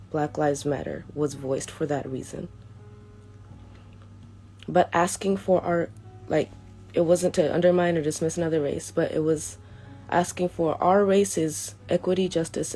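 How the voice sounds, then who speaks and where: A young woman with a low, gravelly voice, talking earnestly and a bit haltingly as she reads a written statement to camera. Faint music plays softly behind her. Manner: earnest, hesitant, restarts often. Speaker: vlogger. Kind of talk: reading a prepared statement to camera.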